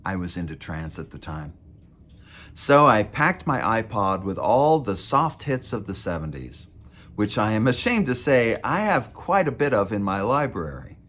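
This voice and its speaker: A man in his fifties reads aloud from his own memoir. His voice sits low but moves a lot, rising and dipping through wry, self-mocking asides. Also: big pitch swings, normal speed, fairly bright tone. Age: 50s. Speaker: author.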